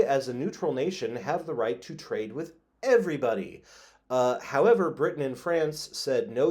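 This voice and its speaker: A man's voice: mid-range voice, darkish tone. A man giving a recorded history lecture in a conversational way, with frequent filler words and small self-corrections. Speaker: history teacher.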